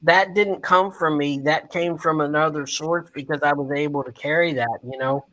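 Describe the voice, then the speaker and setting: A man from West Virginia, a guest in an interview, telling a story in an earnest, animated way and speaking to the host by name. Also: a little high, normal speed, a little hiss or hum, low-quality recording. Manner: animated, acts out quoted dialogue.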